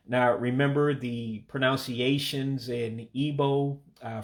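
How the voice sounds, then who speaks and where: A man who speaks English as his first language gives a casual vocabulary lesson, repeating each word slowly and pronouncing it carefully. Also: medium pitch, creaky. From United States. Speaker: language learner teaching vocabulary.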